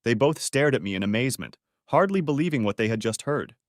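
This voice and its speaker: A man reading a first-person dramatic story aloud with expressive, sardonic delivery. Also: medium pitch, quick pace, no echo, studio quality. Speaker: story narrator.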